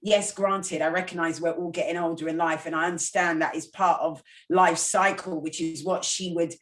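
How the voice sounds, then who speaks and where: A woman's voice: fairly low pitch, steady tone, normal speed. A woman guest speaking candidly and reflectively in a casual podcast conversation. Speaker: guest presenter. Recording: echoey room.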